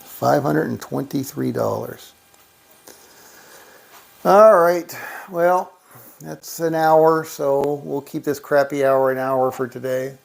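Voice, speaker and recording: A man hosting a casual livestream, counting out money and reading viewer comments aloud in a relaxed, thinking-aloud way. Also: medium pitch, takes it slowly, vocal fry, long pauses. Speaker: livestream host. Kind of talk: casual live-stream chat.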